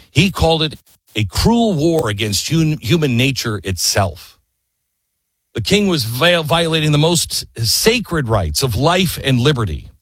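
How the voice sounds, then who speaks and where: A man delivers an impassioned history talk with a husky, slightly rough voice. His pitch swings widely as he presses his points and throws out rhetorical questions. The recording is dry and close. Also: dry recording. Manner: emphatic, asks rhetorical questions. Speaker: history storyteller.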